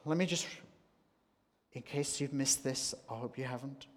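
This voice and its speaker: A man preaching a sermon, slow and deliberate, rising to emphatic points. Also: mid-range voice. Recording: long hall reverb.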